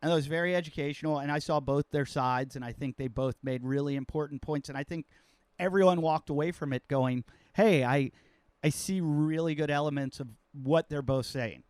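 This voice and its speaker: A man's voice: on the high side, a little fast, a little mellow, smooth, no room sound. A man hosting a podcast as a comedian, telling rambling, self-mocking stories in casual chat.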